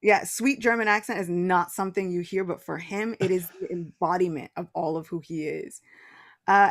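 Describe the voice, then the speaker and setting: Woman podcast guest, animated and laughing, casual devotional talk. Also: medium pitch, creaky. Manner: animated, laughs often, restarts phrases. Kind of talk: casual spiritual chat.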